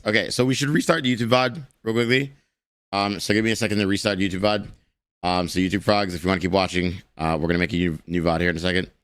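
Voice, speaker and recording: A man's voice: low voice, fairly bright tone, clear, resonant tone, dry recording. Profane, joking young male streamer. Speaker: live streamer. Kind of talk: casual live-stream chat.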